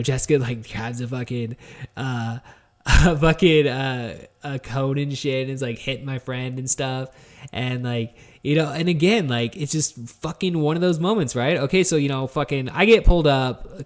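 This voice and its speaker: A man hosting a solo podcast, telling a story in a rambling, candid way, swearing often and stumbling over fillers and restarts. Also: medium pitch. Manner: candid and introspective. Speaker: podcast host.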